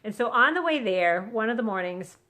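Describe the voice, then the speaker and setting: A middle-aged woman speaking in a casual devotional vlog, her voice sitting a little high. She talks in a chatty, earnest way and recorded herself on a phone held on a selfie stick. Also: lively intonation, a little fast, sharp tone. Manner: chatty, earnest, acts out quotes. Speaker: vlogger sharing a devotional. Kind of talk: casual Christian encouragement vlog.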